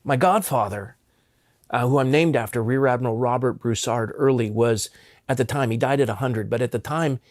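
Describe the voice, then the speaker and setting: In a studio-quality recording with no echo, a medium-pitched man in his fifties speaks at normal speed. A pastor from Southern California, he tells personal stories in an interview with an earnest, impassioned manner.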